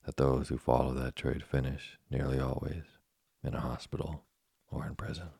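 A man with a husky, gravelly voice reading the lines of a patient, preachy old male cricket in an audiobook. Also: rumbling low, normal speed, dry recording, full character voice. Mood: calm, preachy. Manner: calm and preachy.

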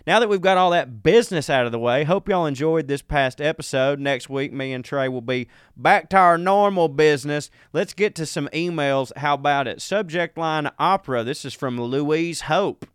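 A man's voice: on the high side, moderate pace, hardly any pauses, smooth, no echo, studio quality. A man with a Southern US accent, co-hosting a comedy podcast in a casual, joking, folksy way as he reads listener emails aloud. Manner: joking, folksy, self-mocking.

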